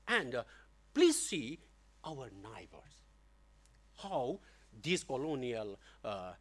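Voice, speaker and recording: A middle-aged man giving an academic lecture, deliberate and halting, with many fillers and restarts. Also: a little high, a bit bright. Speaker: guest lecturer. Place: lecture hall.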